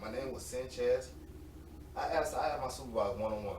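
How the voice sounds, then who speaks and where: A man in his late twenties, an interview guest, telling animated, slangy stories and laughing often. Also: mid-range voice, a little fast. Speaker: interview guest, semi-pro football player. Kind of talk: casual storytelling. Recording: roomy, distant mic with faint noise.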